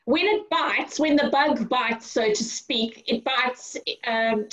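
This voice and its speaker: A woman hosting an interview over a video call, encouraging and asking gentle questions. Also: high-pitched, takes it slowly, highs cut off. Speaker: interview host. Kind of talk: conversational interview.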